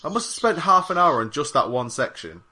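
A man's voice: fairly high pitch, big pitch swings, a little fast, bright, forceful tone. A young man on a gaming podcast, rambling through a casual chat with lots of fillers. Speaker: podcast co-host.

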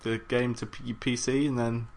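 A man's voice: medium pitch, flat delivery, normal speed, background noise. A man hosting a podcast, teasing his guests dryly and laughing often in casual chat. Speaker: podcast host.

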